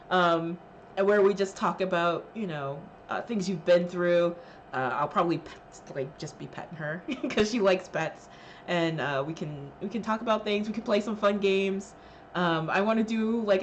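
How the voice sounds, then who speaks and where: A woman's voice: fairly low pitch, a little hiss or hum. A woman streamer chatting casually with her live chat, emotional and laughing, thanking viewers with lots of fillers.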